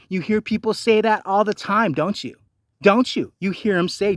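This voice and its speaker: A man with a notably high voice rants angrily at the camera, swearing heavily and hammering the same rhetorical questions. His voice sounds dry and close, with no room echo. The delivery is confrontational throughout. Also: unhurried, a bit bright. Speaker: vlogger. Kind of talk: profane ranting monologue.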